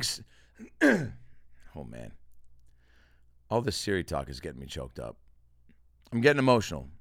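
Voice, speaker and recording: A man hosting a comedy podcast, telling animated stories and acting out the people in them. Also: low-pitched, no room sound, clean studio sound. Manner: animated storyteller, acts out quotes. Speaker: podcast host.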